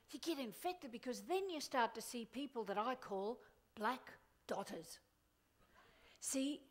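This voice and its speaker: A middle-aged woman giving a live motivational keynote to a conference audience, animated and exclamatory. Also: sits high. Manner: animated, exclamatory, quotes others in funny voices. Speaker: motivational speaker. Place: conference hall before an audience.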